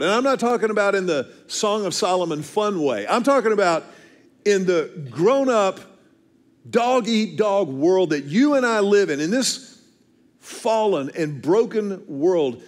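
A man's voice: high voice, big pitch swings, a little slow. A man, preaching a storytelling sermon with earnest, self-deprecating humor and frequent restarts. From Texas, USA. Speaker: pastor.

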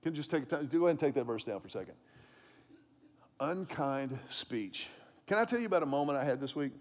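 A male pastor, preaching a sermon in an animated, conversational way with self-deprecating humor. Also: medium pitch, quick pace.

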